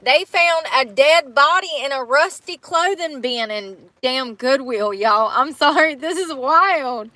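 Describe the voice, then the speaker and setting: A young woman with a drawl talks casually, reacting to news with loud laughter and blunt swearing. Her voice sits a little high and sounds bright, with a crisp, forward edge. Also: expressive, measured pace, few pauses, dry recording.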